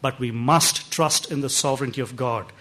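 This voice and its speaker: A middle-aged man preaching an Easter sermon in an earnest way, slowing down and dropping his voice low to stress key lines. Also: bright, forceful tone. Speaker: pastor.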